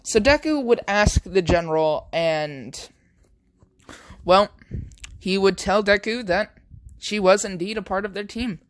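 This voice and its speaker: Young man, casual fan story narration, slow, rambling, dry close sound. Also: high voice, no room sound. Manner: rambling, many fillers.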